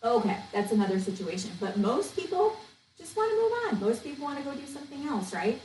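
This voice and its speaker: A woman's voice: on the high side, very animated, fairly quick, darkish tone. A woman hosting a podcast, talking passionately and bluntly, venting and coaching. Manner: passionate, blunt, venting, says "okay?" often. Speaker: podcast host, network marketing coach. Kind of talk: fired-up solo podcast talk. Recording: echoey room, distant mic, faint noise.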